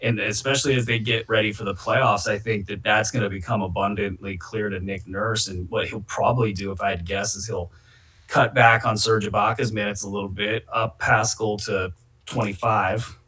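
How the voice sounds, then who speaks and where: A man's voice: fairly low pitch, fairly even intonation, normal speed, pushed and bright, husky. Opinionated man rambling about basketball. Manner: opinionated, rambling, hot takes. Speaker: host. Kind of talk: casual sports chat.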